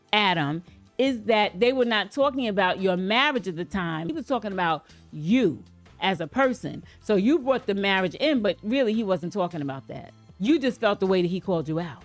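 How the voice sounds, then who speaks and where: An American woman reacting to a reality show in a relaxed, chatty way, addressing her viewers directly and throwing in playful asides. Her voice sits at an ordinary middle pitch. Quiet music plays faintly behind her. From United States. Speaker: reaction video host. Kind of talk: casual reaction commentary.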